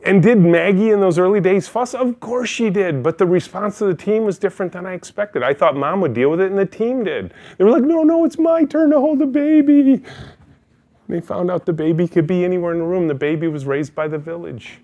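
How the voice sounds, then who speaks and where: A man's voice: high voice, a little fast, hardly any pauses. A middle-aged man, a company CEO, giving a storytelling keynote talk and acting out the people in his anecdotes. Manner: energetic, animated storyteller who acts out quotes.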